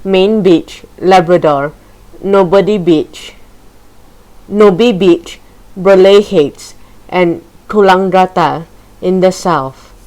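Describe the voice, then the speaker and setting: Slow, low-voiced female story reader. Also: darkish tone, poor audio. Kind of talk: reading a children's story aloud.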